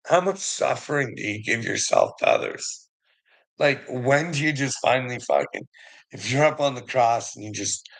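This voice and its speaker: Male ranter, forceful and tense, heavy swearing, low mutters to shouts. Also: rough recording. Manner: laughs between lines. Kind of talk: profane emotional rant.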